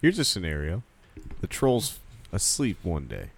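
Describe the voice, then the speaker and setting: A man's voice: sits low, huge pitch swings, a little slow, gravelly, breathy edge. A man co-hosting a podcast in casual chat, asking hesitant questions. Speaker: podcast co-host.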